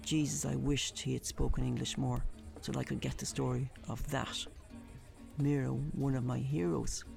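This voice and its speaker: A woman's voice: a bass voice, level tone, moderate pace, creaky, a little mellow, soft background music. A woman telling a vivid personal story in a conversational, colourful way.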